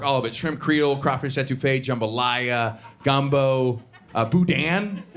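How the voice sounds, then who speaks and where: A young man from the Southern United States doing stand-up comedy, quick and animated, dropping into put-on voices for bits. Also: mid-range voice. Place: theater stage before a laughing audience. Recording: live show with clear audience noise.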